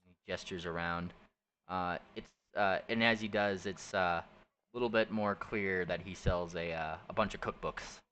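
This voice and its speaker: A young man narrating as game master, rambling with many halting fillers. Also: deep voice, steady tone, fairly bright tone, smooth. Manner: rambling, halting, laughs often.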